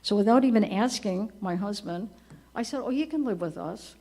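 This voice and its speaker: A woman in her seventies giving a eulogy for her husband at a church memorial, telling gentle, conversational stories and laughing softly at them. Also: medium pitch, animated, moderate pace. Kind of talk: personal storytelling at a memorial service. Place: church service.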